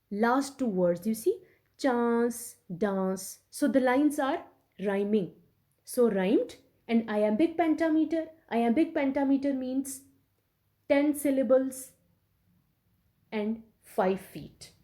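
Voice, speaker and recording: A woman teacher giving a recorded English literature lecture to her students, explaining slowly and repeating each point with frequent check-ins. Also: on the high side, mellow. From Pakistan. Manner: slow, repetitive explaining with many check-ins.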